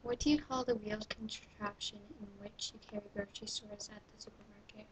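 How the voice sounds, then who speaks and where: A woman's voice: mid-range voice, steady tone, fairly quick, slight background noise, poor audio. A young woman with a Canadian accent from Ontario, recorded in a small bathroom as she casually reads questionnaire prompts aloud and answers them in an offhand, dry way. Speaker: vlogger. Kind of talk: casual vlog reading a questionnaire.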